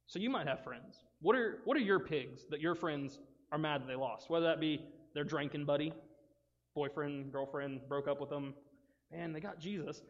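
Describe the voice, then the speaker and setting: Animated man preaching to youth. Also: on the high side, moderate pace. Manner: animated, acts out friends' voices in quotes. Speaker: youth pastor. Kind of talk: casual youth sermon. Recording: dull sound with long reverb in a hall.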